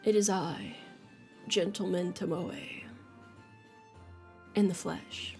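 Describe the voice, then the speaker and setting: A woman putting on a low, quiet man's voice as a mock gentleman, awkward and holding back laughs. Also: sing-song, takes it slowly, faint music behind. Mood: mock suave. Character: adult man with a put-on deep gentleman voice.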